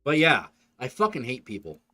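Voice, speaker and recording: A man's voice: mid-range voice, wildly swooping pitch, moderate pace. A man playing through a dating game, reading its text aloud and swearing through sarcastic asides. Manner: crude, profane, sarcastic asides. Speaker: gamer. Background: soft game music.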